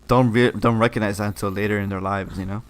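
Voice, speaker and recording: A man co-hosting a casual film review podcast, laid-back and agreeable, often trailing off quietly at the ends of his thoughts. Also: fairly low pitch, fairly even intonation, quick pace. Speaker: podcast co-host.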